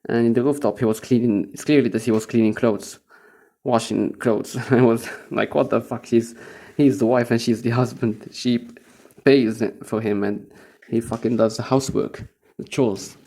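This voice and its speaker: A man's voice: medium pitch, fairly even intonation, moderate pace, warm tone. A young man from Morocco who works as a teacher, telling a rambling, profane story in a casual spoken-diary monologue and chuckling often.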